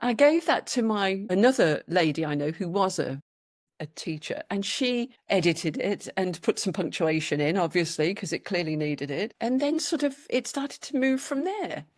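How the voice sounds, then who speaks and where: A middle-aged British woman, a podcast guest and author, telling her story in a casual interview with lively, acted-out quotes. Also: medium pitch, normal speed, no echo, studio quality. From Britain. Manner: animated storytelling, acts out quoted voices.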